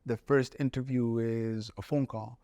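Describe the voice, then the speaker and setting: Man, poet guest, mid pitch, earnest reflective storytelling, dry close sound. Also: unhurried, dry recording. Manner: relaxed and earnest, recounts events by voicing others' words.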